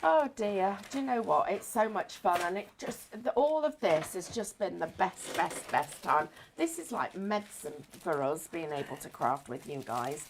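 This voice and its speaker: A woman's voice: fairly low pitch, lively intonation, normal speed, few pauses, slight background noise. A woman hosting a live craft show, chatting in a rambling, giggly way. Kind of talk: live crafting demonstration chat.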